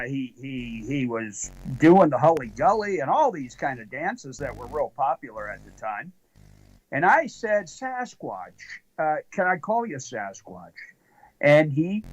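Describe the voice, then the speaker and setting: A man as the guest of a call-in show, telling a deadpan comic tall tale slowly, rambling and full of fillers. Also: fairly high pitch, low-quality recording. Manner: slow, rambling, with many fillers.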